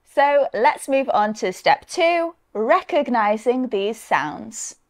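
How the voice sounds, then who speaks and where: A woman with a Northern English accent teaching English pronunciation. She speaks slowly and deliberately, with a fairly high voice. She models each sound with care. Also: lively intonation, faint music behind. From north of England. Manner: slow, careful, modelling sounds clearly. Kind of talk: scripted lesson dialogue.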